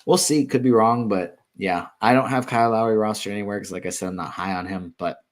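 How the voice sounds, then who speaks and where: A man with a deep, low-pitched voice talks through listener questions in a loose, unscripted Q&A. He thinks out loud as he goes, filling pauses with ums and catching and restarting his own sentences. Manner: thinks aloud with frequent ums and self-corrections. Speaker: fantasy basketball analyst answering viewer questions. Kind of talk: casual live Q&A.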